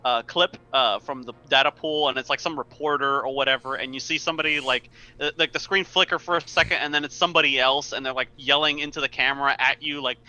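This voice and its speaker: A man's voice: mid-range voice, fairly even intonation, fast, hardly any pauses, bright, forceful tone, muffled recording. A man narrating a tabletop role-playing game as game master, loose and rambling, with frequent laughs. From United States.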